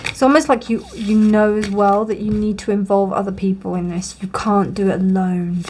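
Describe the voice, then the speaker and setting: A woman reads tarot cards straight to her viewers in a relaxed, thinking-aloud way. She reassures as she goes, filling pauses with ums and you-knows and yawning now and then. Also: mid-range voice, slight background noise. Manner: musing, reassuring, thinks aloud with many fillers; yawns often during readings. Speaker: tarot reader. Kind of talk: casual tarot reading to camera.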